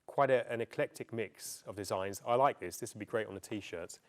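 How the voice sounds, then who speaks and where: A man's voice: on the low side, brisk. A middle-aged man giving a public talk at a festival, chatty and anecdotal, with frequent ums as he tells stories. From England. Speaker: presenter. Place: festival venue before an audience.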